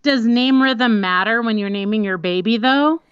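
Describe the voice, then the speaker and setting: A woman's voice: on the high side, moderate pace, fairly bright tone, clean tone. Teasing woman co-host, slightly dull recording. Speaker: podcast co-host. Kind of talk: casual podcast chat.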